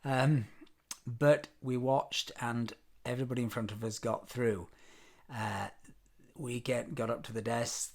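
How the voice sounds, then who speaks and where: A British man vlogs about a trip, speaking at a medium pitch with a steady, unhurried tone. He tells the travel story casually, with lots of ums and wry jokes at his own expense.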